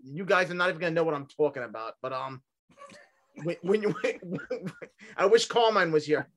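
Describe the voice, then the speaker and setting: A man, reminiscing in an unhurried, measured way in casual chat. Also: fairly high pitch, lively intonation, fairly bright tone. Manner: nostalgic, measured storytelling.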